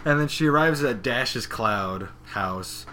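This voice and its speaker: A young man with a bright, forceful voice, co-hosting a casual podcast and acting out scenes in quick silly voices. He talks over a faint hiss of background noise. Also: medium pitch. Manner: animated retelling with quick cartoon voices and swearing. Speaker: podcast co-host. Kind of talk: casual podcast recap chat.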